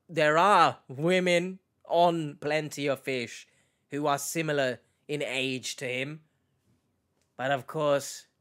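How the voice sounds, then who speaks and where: Slow-talking, high-voiced male reaction host. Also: a bit bright. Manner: chatty, rambling with restarts, asks viewers questions. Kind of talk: casual commentary to camera.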